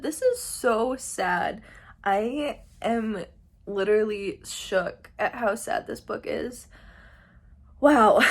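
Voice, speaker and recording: A woman's voice: on the high side, creaky. A young woman chatting casually in a reading vlog, emotional and gushing, with many fillers. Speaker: book vlogger.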